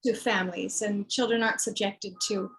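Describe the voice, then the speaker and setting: A woman's voice: mid-range voice, fairly even intonation, moderate pace, gravelly, a bit bright, rough recording. A woman author talking frankly and emphatically about her children's book, acting out other people's words and sometimes swearing. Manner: swears when heated. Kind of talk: candid conversation.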